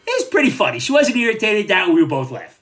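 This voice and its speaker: Older male vlogger, blunt and sarcastic, very animated pitch, faint music under. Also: quick pace. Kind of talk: ranting commentary vlog.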